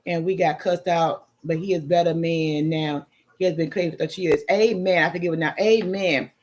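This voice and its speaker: A woman's voice: lowish voice, steady tone, normal speed, a little mellow. A middle-aged woman with a Chicago-area accent hosts a casual livestream, reading viewer comments and speaking candidly and emphatically. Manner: candid, emphatic, sipping wine. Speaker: livestream host.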